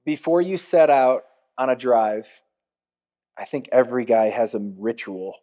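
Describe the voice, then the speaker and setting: A man with a mid-range voice hosting a podcast in a relaxed, reflective way. He muses aloud and then asks his guest leading questions. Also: medium pitch, unhurried. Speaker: podcast host. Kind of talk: casual interview talk.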